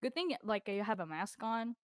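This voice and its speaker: Lively young woman telling a story. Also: fairly high pitch, normal speed, dry recording, studio quality. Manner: animated storytelling, laughing often, acting out quotes. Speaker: podcast co-host. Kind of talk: casual chat.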